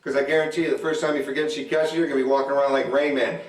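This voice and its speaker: A man in his forties doing stand-up comedy at a church event, telling deadpan stories about his marriage and acting out both sides of the arguments. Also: medium pitch, very fast, few pauses. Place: church hall. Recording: echoey hall, mic from a distance.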